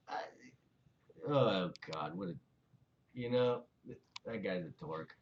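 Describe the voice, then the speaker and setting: A man's voice: sits low, lively intonation, slow, pauses often, muffled recording, a little hiss or hum. A man in a casual vlog, reading viewer comments aloud and rambling through his replies with many fillers. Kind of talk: casual chat.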